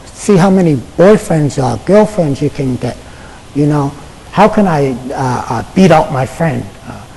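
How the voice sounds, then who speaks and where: An American man, a Buddhist monk, giving a casual Zen dharma talk to an audience, halting and full of fillers, often checking in with "okay?". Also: a little high, mellow, husky. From United States. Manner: halting, conversational, many fillers and repeated "okay?". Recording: echoey lecture hall.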